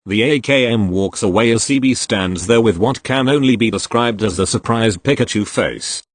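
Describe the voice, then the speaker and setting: Low-voiced man reading stories aloud. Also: normal speed, dry recording. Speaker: narrator reading Reddit posts.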